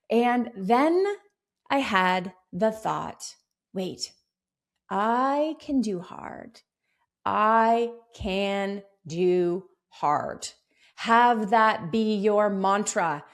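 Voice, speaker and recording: A woman podcast host and business coach telling personal stories in a motivational solo monologue, acting out the lines of people in them. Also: medium pitch. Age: 30s. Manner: warm storytelling, motivational, acts out quoted dialogue.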